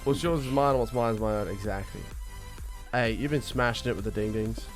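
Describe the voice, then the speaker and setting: A man's voice: mid-range voice, brisk, faint music behind. A man streaming a game, chatting casually and telling a rambling story. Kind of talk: casual gaming chat.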